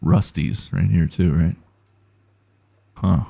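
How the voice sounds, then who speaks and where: A man's voice: low-pitched, steady tone, slow pace, vocal fry, dark tone, husky. A man streaming a game live, chatting casually and reading out viewer messages. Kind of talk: casual gaming commentary.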